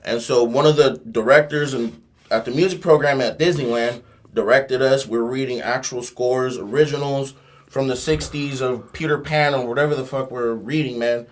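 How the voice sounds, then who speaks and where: A man's voice: medium pitch, steady tone, normal speed. A man from Fresno, California, a guest on a podcast, telling rambling, profane stories in a laid-back way. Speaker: podcast guest, tuba player. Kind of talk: casual chat, storytelling.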